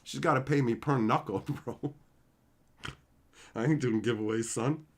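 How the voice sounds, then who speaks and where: A man's voice: medium pitch, measured pace. A young man hosting a livestream, ranting in a brash, profane, swaggering way. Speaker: livestream host. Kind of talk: casual livestream rant.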